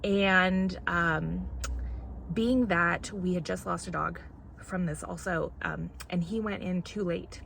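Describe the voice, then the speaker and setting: A woman's voice: on the low side, slow pace, vocal fry, a bit bright, slight background noise. A woman vlogger in casual chat, rambling and candid while fighting back tears.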